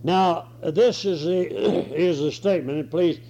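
Slow-preaching man with a cold. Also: a little high, warm tone. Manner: slow, deliberate preaching with scripture reading and throat clearing. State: hoarse with a cold. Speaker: pastor. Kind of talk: sermon. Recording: dull lo-fi recording.

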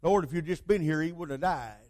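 High-voiced Southern preacher, folksy and rambling. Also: male voice, a little fast, darkish tone. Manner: folksy, rambling storytelling with rhetorical questions. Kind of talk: sermon.

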